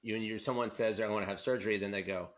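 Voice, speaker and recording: A man's voice: on the low side, fairly even intonation, very fast. A man co-hosting a podcast, interviewing guests in a loose, conversational way, often restarting his sentences. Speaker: podcast co-host, doctor.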